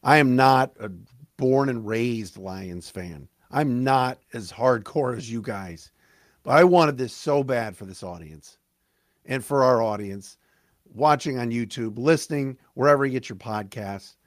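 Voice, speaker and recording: Man, sports podcast host, excited rant, cracking voice, dry close sound. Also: mid-range voice, no room sound. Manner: fired-up, rapid, stumbling restarts.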